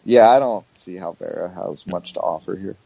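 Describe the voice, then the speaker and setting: A man's voice: deep voice, normal speed, mellow, highs cut off. A man on a podcast panel, chatting casually with a laid-back, dry humor.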